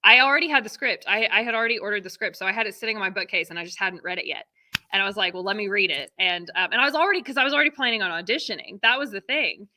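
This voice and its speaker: A woman's voice: mid-range voice, racing, pushed and bright. A woman in her thirties from Texas, a theater director chatting casually as an interview guest, full of fillers and laughter. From Texas, USA.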